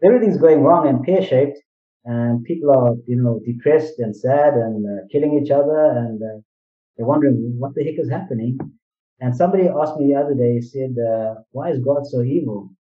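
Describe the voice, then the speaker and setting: A man speaks in a mid-range voice at a fairly quick pace, appearing as a guest in an interview. He explains his points earnestly, leaning on analogies, repeated phrases and rhetorical questions. The mic sounds distant, roomy and dull.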